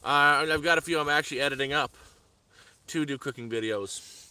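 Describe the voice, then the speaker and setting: A man's voice: fairly high pitch, moderate pace, bright, forceful tone, clear, resonant tone, dry recording. A man on a live stream outdoors in the woods, telling a heated story in repetitive bursts. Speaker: vlogger. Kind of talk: angry live-stream rant.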